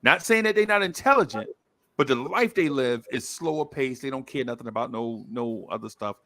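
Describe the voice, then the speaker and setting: A man telling a story in a casual podcast chat, animated and acting out the voices of the people in it, often repeating himself for emphasis. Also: mid-range voice, a little fast.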